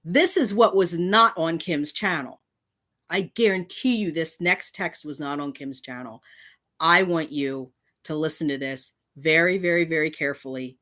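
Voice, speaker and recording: Low-voiced woman host, indignant rant, profanity. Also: normal speed, a bit bright. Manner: indignant, reading out comments and swearing. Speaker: channel host. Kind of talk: angry response rant.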